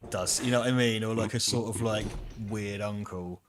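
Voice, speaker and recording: A British man co-hosting a game stream, chatting casually in a sweary, rambling, animated way. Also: on the low side, moderate pace, background noise. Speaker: streamer co-host. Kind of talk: casual chat.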